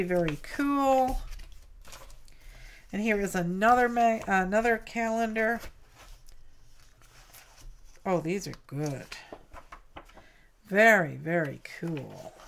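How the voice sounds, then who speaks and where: A woman's voice: medium pitch, takes it slowly, vocal fry, pauses often, a bit bright, a little hiss or hum. A woman hosting a craft livestream, chatting casually and cooing over mail she opens, a little tired. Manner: cooing and chatty, greets viewers by name. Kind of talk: casual chat opening mail.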